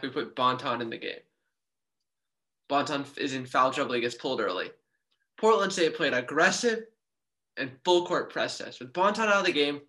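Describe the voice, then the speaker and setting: A man with a bright, fairly high voice recaps a game in a casual sports podcast. He talks like an excitable fan, with jokey asides and quick bursts of speed. He sounds close to the mic.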